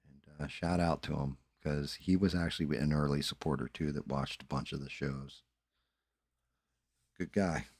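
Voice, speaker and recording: A man's voice: very deep voice, steady tone, normal speed, pauses often, darkish tone, no echo, studio quality. A man hosting a live stream, telling stories casually and swearing freely. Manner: laid-back storytelling with swearing.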